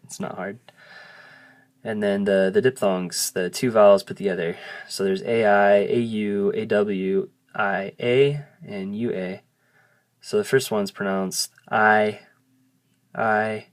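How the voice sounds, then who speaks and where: Deep-voiced guy going slow, walking you through vowel sounds one by one. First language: English. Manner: slow, patient explaining, modelling sounds aloud. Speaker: language teacher. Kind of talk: casual video lesson on pronunciation.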